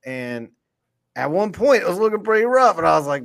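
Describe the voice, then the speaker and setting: A man, co-hosting a podcast and rambling excitedly after a football win, full of restarts. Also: on the high side, moderate pace, vocal fry. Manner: animated, rambling, lots of restarts. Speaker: podcast co-host. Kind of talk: excited postgame sports chat.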